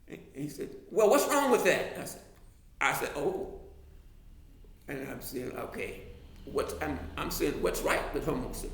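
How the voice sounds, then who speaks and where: Halting storytelling man, gravelly voice. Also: high-pitched, fairly bright tone, reverberant. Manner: halting, repeats words, chuckles often. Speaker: drama teacher. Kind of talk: anecdotal storytelling.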